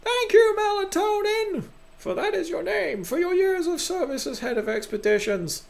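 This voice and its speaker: A cranky old woman who runs a space colony council, as a man puts her on in a high falsetto. She makes grand speeches with a gravelly edge and snaps at everyone in between. This is a video game playthrough voice. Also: expressive, moderate pace, heavily acted. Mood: grandly formal. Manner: pompous speechmaking, grumpy outbursts.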